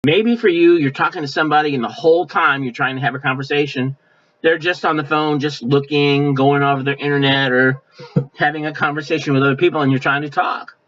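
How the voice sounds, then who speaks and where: A male pastor preaching a sermon in a folksy, conversational way, now and then mimicking offended people in quick asides. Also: fairly high pitch, steady tone, a bit bright. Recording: dull lo-fi sound.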